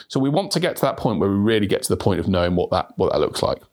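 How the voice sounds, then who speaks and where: A low-pitched man hosting a solo sales podcast. His voice swings widely as he speaks and acts out sample questions, and he often stumbles and repeats small words when he restarts a thought. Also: big pitch swings, very fast, a little mellow.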